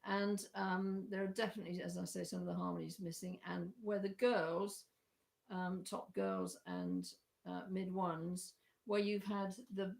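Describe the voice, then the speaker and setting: A woman leading an online choir rehearsal, chatty and hesitant, with a croaky voice, often breaking into sung parts. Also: fairly low pitch, a little slow, a little mellow. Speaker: choir leader.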